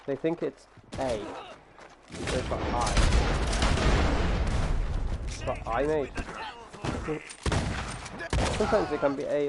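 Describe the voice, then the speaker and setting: English man chatting on stream, noisy. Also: medium pitch. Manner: rambling, explains with many fillers. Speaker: game streamer. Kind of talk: casual chat while gaming. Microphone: gaming headset.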